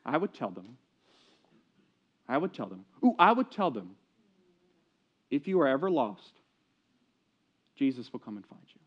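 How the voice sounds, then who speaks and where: A preacher voicing an excited little girl of about four, chattering eagerly, in a dull lo-fi recording. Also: medium pitch, a little slow, long pauses. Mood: thoughtful.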